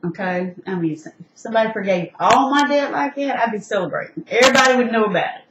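A woman reading Bible verses aloud in a steady, plain way during a Bible study, and sometimes answering. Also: mid-range voice, quick pace, heavy background noise. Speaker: scripture reader in a Bible study. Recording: echoey, muffled room sound.

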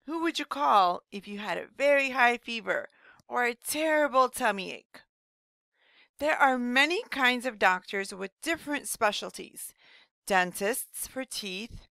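A woman narrating a scripted read-aloud lesson for first graders, asking young children slow, gentle questions. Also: on the high side, gravelly, dry recording. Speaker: teacher narrator.

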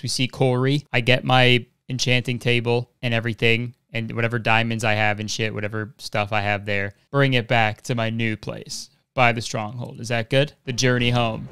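A man's voice: medium pitch, a bit bright, clear, resonant tone, dry recording, clean studio sound. A young man streaming a video game, talking casually in a rambling, jokey, profane way. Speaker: gaming streamer. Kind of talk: casual gameplay commentary.

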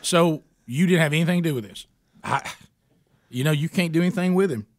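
A man's voice: fairly high pitch, a little fast, no room sound, clean studio sound. A man, a radio host telling a comic story and acting out the voices of the people in it. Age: 40s. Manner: animated storyteller who acts out quoted voices. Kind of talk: comedic storytelling on a talk show.

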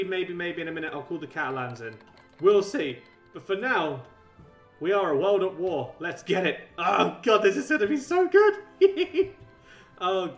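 Excitable young man, high voice. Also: distant mic. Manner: excitable, laughs often, talks to himself. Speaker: gaming channel host. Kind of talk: let's play commentary. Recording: roomy echo, mic set back, faint game music.

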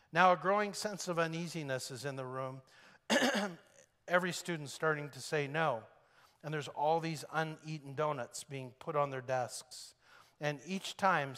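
A man's voice: fairly high pitch, long reverb tail. A man preaching a sermon, telling a story and acting out the people in it. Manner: animated storyteller acting out quoted voices. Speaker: pastor.

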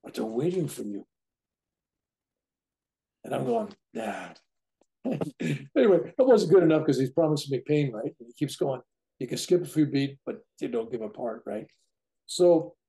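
Man, 70s, interview guest, mellow low tone, raspy fry, casual storytelling, voices quoted lines. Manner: acts out quoted dialogue, tags lines with "right?".

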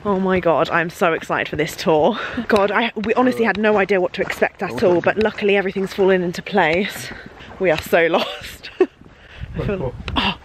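A woman's voice: medium pitch, moderate pace. A young Englishwoman talks straight into a handheld camera in a giddy, gushing vlog. She laughs often. Her voice sits in a middle register, and a faint hiss runs under the recording. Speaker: vlogger. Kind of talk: excited casual vlog. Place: large holiday lodge indoors.

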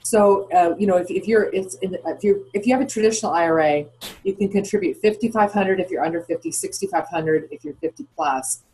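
A woman's voice: on the low side, fairly quick, warm tone, slight background noise, low-quality recording. A woman guest on a podcast interview, explaining things in a chatty way and posing questions to herself as she goes. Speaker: guest, founder of retirement account custodian.

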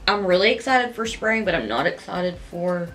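A woman talking casually at home as she walks through a makeup tutorial step by step, chatty and gushing but gentle. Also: lowish voice, animated, normal speed, soft background music.

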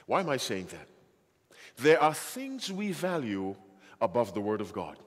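Male preacher, sermon, animated pitch, asks the audience questions, reverberant hall. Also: a little slow. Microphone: handheld or stand microphone.

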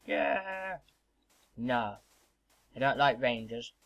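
A young man giving casual, excitable gameplay commentary as a gaming video host, swearing and shouting at the game's monsters. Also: medium pitch, extremely slow, highs cut off, a little hiss or hum. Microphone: desk microphone.

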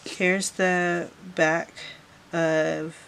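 Slow-talking, gushing woman vlogger. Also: on the low side, level tone, gravelly, a bit bright, a little hiss or hum. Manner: gushing, repeats "so freaking cute". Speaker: planner vlogger. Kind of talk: casual product haul.

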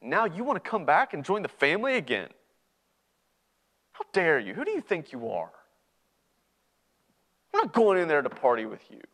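A man's voice: mid-range voice, big pitch swings, normal speed, pauses often, close to an everyday voice. A man playing a resentful older brother as he retells a parable in a sermon, with indignant, accusing outbursts. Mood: angry. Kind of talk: sermon storytelling.

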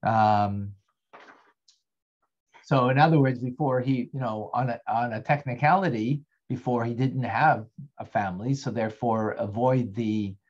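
A man of middle pitch teaches an online Torah class in a relaxed, conversational way. He keeps putting questions to his students and thanks them by name. The sound is slightly dull and lo-fi.

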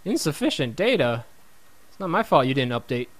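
A man's voice: medium pitch, very animated, a little fast. A young man giving goofy, joking commentary over a video game, talking back to the characters and laughing often. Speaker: gaming let's-player. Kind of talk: comedic gameplay commentary.

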